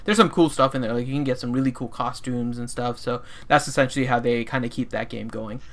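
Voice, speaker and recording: A man's voice: medium pitch, steady tone, fast talker, a bit bright. A man co-hosting a casual gaming chat stream, reading out viewer questions and explaining his views. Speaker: podcast co-host.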